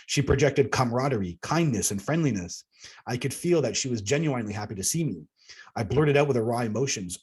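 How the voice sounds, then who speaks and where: A man's voice: medium pitch, animated, fast talker, a little mellow, husky. A man reading aloud from his own book about alien contact, earnest, with casual asides to the audience. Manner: earnest, breaks into laughs at himself. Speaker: author.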